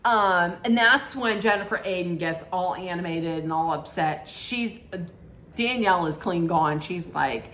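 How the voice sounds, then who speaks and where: A woman chats through a reality show recap at an unhurried, drawling pace. Her tone is sassy and gossipy, loose with fillers and asides, as if talking to friends from her home. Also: lowish voice, pushed and bright. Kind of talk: casual chatty recap.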